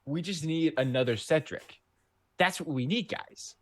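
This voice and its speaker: A man's voice: fairly high pitch, measured pace. A man who plays in a tabletop game chatting casually, rambling and stopping to correct himself. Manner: rambling, stop-start, self-correcting. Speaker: player. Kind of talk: casual chat.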